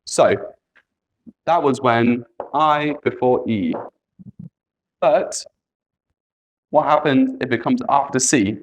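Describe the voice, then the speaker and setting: A man's voice: medium pitch, slow pace, long pauses. A man teaching an English spelling lesson, patiently repeating letters and example words.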